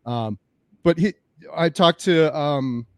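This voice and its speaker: A man's voice: fairly high pitch, clear, resonant tone, dry recording, studio quality. A man hosting an interview, talking in an upbeat, enthusiastic way in casual conversation. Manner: enthusiastic, upbeat, quick to praise. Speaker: host.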